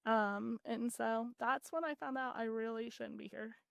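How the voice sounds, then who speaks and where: A woman's voice: a little high, measured pace, creaky, no echo. A woman guest on a podcast, earnestly retelling her story in casual talk with lots of "like"s. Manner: earnest, animated retelling with many "like"s.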